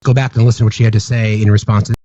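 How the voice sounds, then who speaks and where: A man's voice: on the low side, flat delivery, racing, dark tone, dry recording, muffled recording. Incredulous male political commentary host. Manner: incredulous, reads statements aloud with asides.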